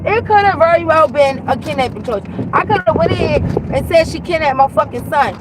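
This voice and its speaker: A woman's voice: sits high, expressive, brisk, heavy background noise. A woman in her thirties telling a casual storytime rant, blunt and profane, talking straight to her viewers from inside a car.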